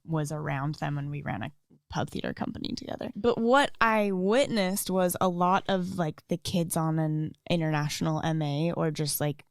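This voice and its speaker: A woman's voice: low voice, normal speed, gravelly, no room sound, studio quality. A woman hosting a podcast, telling stories candidly in casual chat.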